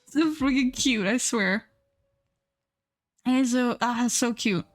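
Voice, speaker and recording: Gushing, excitable young woman streamer. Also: a little high, takes it slowly, soft background music. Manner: gushing, excitable, swears casually. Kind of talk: casual live stream chat.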